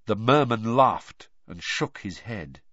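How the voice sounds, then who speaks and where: A man reading a story aloud as narrator, measured and expressive. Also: fairly low pitch, dry recording, highs cut off. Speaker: audiobook narrator. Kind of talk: scripted narration.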